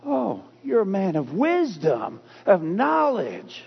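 A man preaching a sermon as pastor, emphatic, with dramatic pauses and repeated lines. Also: high-pitched, wildly swooping pitch, gravelly, husky. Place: church sanctuary. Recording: muffled lo-fi sound in a reverberant hall.

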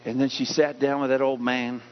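A man's voice: medium pitch, flat delivery, fairly quick, slight background noise. A man preaching a sermon as pastor, emphatic, putting questions to his congregation. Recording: dull lo-fi recording.

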